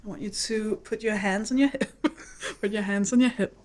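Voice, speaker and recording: A woman's voice: medium pitch, normal speed, a little mellow. Playful, insistent woman comedian. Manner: playful and insistent, giggling while coaching. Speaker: comedian and podcast host. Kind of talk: casual chat.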